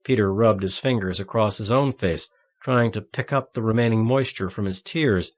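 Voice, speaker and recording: Reading a novel in scripted narration, a man with a fairly low voice tells the story in a steady, measured way as an audiobook narrator.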